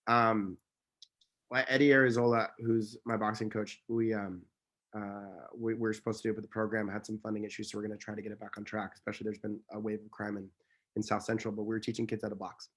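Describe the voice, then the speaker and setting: A man's voice: fairly low pitch, flat delivery, fast, a bit bright. A man speaking as an interview guest, telling stories in an earnest, passionate, emphatic way that rambles and corrects itself. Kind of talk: casual conversational storytelling.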